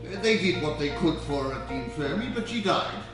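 A grave, probing police inspector, acted by a man, speaking sternly and deliberately. The sound is distant and echoes around a theatre. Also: on the high side, expressive, music in the background, natural voice. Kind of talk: stage drama acting. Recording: roomy theatre from far off.

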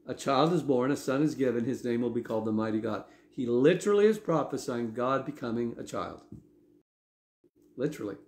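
A man preaching a sermon in a conversational way, often checking in with his listeners with a quick "okay?". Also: medium pitch, animated, darkish tone, roomy sound. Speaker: pastor.

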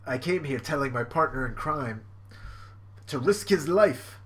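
A man voicing a polite, gentlemanly male skeleton swordsman in a cartoon. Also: medium pitch, expressive, unhurried. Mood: earnest.

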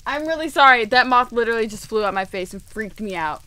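A woman's voice: fairly high pitch, expressive, fast, few pauses, bright, forceful tone. A young woman giving casual, rambling commentary while playing a video game, chatty and giggly. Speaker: gaming YouTuber.

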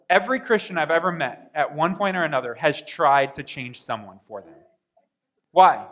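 A male pastor preaching a sermon in a conversational way, asking the congregation questions and acting out prayers, swinging from quiet asides to loud bursts. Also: high-pitched, animated, moderate pace.

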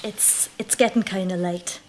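An actress playing a poised young woman visitor who speaks calmly and politely. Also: on the low side, measured pace, slight background noise, close to an everyday voice, rough recording.

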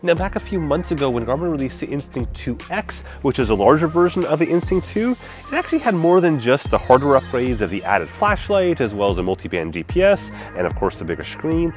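A man's voice: fairly high pitch, soft background music. A man with a stuffed-up, congested voice, giving a casual walkthrough of a product as a tech reviewer. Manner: quick, animated explainer with casual fillers.

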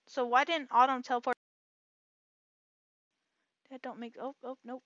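A woman giving casual, excitable let's-play commentary, chatting to herself and her audience as she plays. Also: fairly high pitch, unhurried, long pauses. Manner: excitable, chatty, talks to herself while playing. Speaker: gaming channel host.

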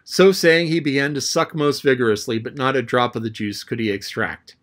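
A man reading a classic adventure novel aloud as an audiobook narrator, telling the story in a lively way. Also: a little fast. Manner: lively storytelling, raising his pitch for the boy's lines.

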